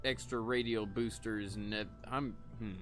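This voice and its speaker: Young male streamer, bright forceful voice, rambling laid-back game commentary with faint music under it. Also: lowish voice, steady tone, measured pace. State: coughing between lines. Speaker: gaming streamer. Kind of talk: casual livestream commentary.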